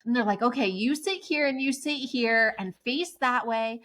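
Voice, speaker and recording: A woman's voice: on the high side, normal speed. A woman co-hosting a podcast, telling a story in casual chat and acting out the quotes, often with laughter. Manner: animated, laughing, acts out quotes in raised voices. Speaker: podcast co-host.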